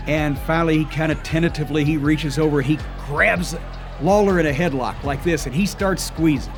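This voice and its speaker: Animated older man telling a story. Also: a little high, brisk, soft background music. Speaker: wrestling historian. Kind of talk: storytelling interview.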